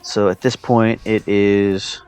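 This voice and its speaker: A man's voice: fairly low pitch, flat delivery, slow pace, darkish tone, clear, resonant tone. A man casually commentating a strategy game he is playing, thinking aloud with plenty of fillers. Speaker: player commentating his own match.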